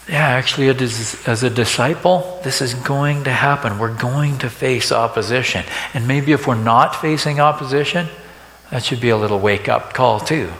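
A male pastor preaches in a plain, conversational way. He keeps turning to the congregation with quick rhetorical questions. His voice sits at an ordinary middle pitch and rings through a large hall with a long reverb. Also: fairly bright tone. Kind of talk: sermon.

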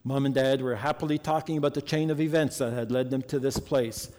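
A man's voice: medium pitch, steady tone, fairly quick, darkish tone. Earnest guy preaching a sermon, storytelling, lots of hall reverb.

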